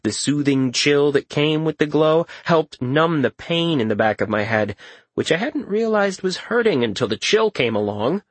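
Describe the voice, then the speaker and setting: A man reading a first-person audiobook in a measured, wry manner. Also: on the high side, expressive, dry recording. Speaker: narrator.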